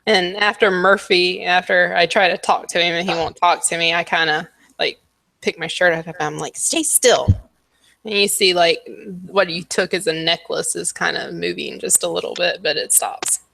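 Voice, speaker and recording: A woman's voice: lowish voice, steady tone, moderate pace, creaky, pushed and bright, no echo. Wry teasing woman player. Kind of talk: casual tabletop play.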